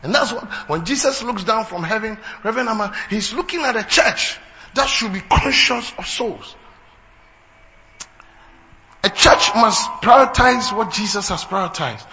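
Fiery preacher man, bright voice. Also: high-pitched, animated, measured pace, in a large hall. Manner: fiery, rising to shouts, mixing in local phrases. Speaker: pastor. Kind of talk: sermon. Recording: dull lo-fi recording with faint noise.

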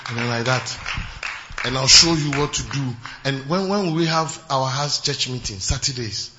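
A man preaching a sermon as pastor, swinging from shouted exclamations to low, quiet asides. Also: normal speed, highs cut off, noisy background.

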